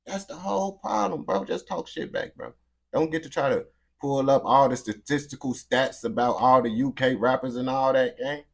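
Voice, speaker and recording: A man's voice: mid-range voice, moderate pace, vocal fry. A man giving casual, slangy, emphatic reaction commentary. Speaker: reaction video host.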